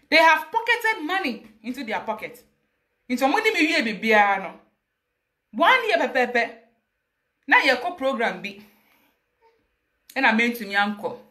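Passionate high-voiced Ghanaian woman. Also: bright, forceful tone. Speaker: interview guest. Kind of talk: emotional personal account.

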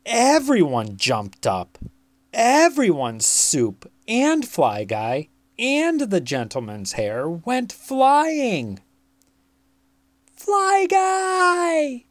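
A children's book reader telling a picture-book story aloud, slow, deliberate and expressive. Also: medium pitch, no echo.

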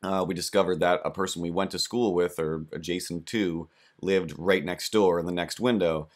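A man's voice: low-pitched, steady tone, normal speed. A young man hosting a podcast who tells a rambling, self-deprecating comic story. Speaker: podcast host.

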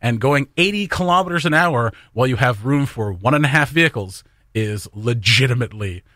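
A man with a Canadian accent, telling rambling, animated stories in casual radio-studio chat. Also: medium pitch, a little fast, no room sound. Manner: rambling, animated storyteller, trails off mid-sentence. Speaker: radio show regular.

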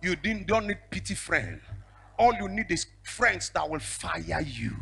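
A male evangelist, preaching a fiery sermon with prophetic declarations. He moves between shouted declarations and a low storytelling voice. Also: big pitch swings, unhurried, creaky, breathy edge. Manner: bursts into speaking in tongues.

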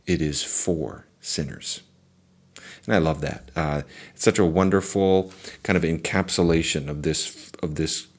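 A man, a pastor, giving an earnest, thoughtful talk on theology, pausing with fillers and restarts as he reflects. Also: very deep voice, a little mellow.

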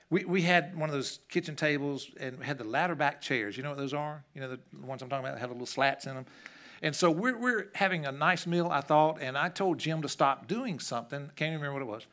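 A middle-aged male pastor delivers a sermon in a church. His voice is bright and forward. He tells stories, rising to loud, animated peaks and dropping to soft, quiet passages. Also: fairly high pitch. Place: church sanctuary.

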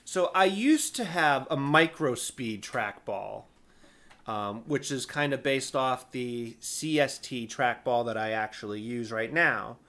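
A man casually telling a tech support story from his past, animated and exasperated, poking fun at himself. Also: mid-range voice, slow pace. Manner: animated, exasperated, self-mocking. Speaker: storyteller, former IT support worker.

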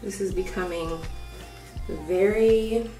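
Young woman, hair vlogger, rambling casual chat, raspy morning voice, distant mic, faint background music. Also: mid-range voice, takes it slowly, echoey room. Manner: rambling, thinking out loud. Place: room at home.

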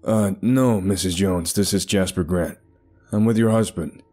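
A man playing an experienced cave rescuer who talks in a brisk, impatient way. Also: low-pitched, warm tone. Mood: urgent.

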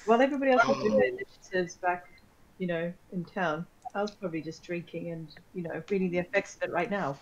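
A woman's voice: on the low side, quick pace, muffled recording. A woman playing in an online tabletop role-playing game, giggly and bemused as she talks. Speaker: player. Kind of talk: casual chat during a role-playing game.

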